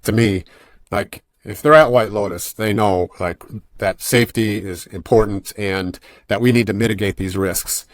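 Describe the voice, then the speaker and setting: A man's voice: fairly low pitch, moderate pace, no room sound, studio quality. A man being interviewed on a podcast, a jiu-jitsu coach talking casually and acting out voices in his stories. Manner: animated storytelling, acts out quoted voices.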